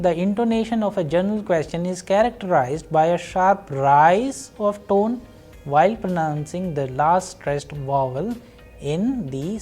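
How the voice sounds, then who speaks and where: A woman teaching a recorded university lesson, explaining slowly and patiently and repeating each example. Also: lowish voice, warm tone. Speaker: language teacher.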